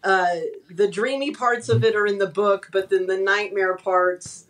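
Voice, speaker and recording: A woman's voice: medium pitch, fairly even intonation, measured pace, a bit bright, slight background noise, poor audio. A woman from East Texas, an author guest in a casual interview, modest and easygoing, trailing off with fillers.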